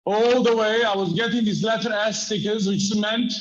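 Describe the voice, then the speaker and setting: Male preacher, high voice, storytelling sermon with humor and pauses for translation, echoey and lo-fi. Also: fairly even intonation. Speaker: visiting preacher. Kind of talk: sermon with consecutive interpretation. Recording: echoey, dull online meeting audio.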